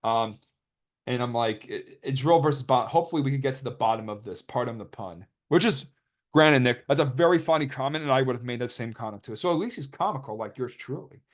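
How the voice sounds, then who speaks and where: A man's voice: medium pitch, expressive, fairly quick. Rambling young man commentating replays. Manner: rambling, joking, quotes others in put-on voices. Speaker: YouTuber narrating card game replays. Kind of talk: casual commentary over gameplay.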